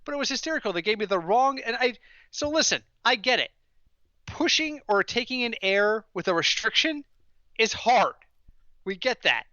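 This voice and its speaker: A man chats on a sports podcast, telling stories with a wry, animated delivery. His voice sits high and sounds bright and forceful. The recording is dry and a bit dull, like a close home mic. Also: normal speed, dry recording. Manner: animated storyteller, wry and ranting. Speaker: podcast co-host. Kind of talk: casual sports chat.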